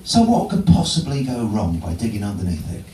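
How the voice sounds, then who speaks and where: A man's voice: fairly low pitch, huge pitch swings, fairly quick. A man doing a topical stand-up set in a pub, dry and self-deprecating, often chuckling at himself. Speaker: stand-up comedian. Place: pub comedy venue. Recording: roomy distant pub mic with noise.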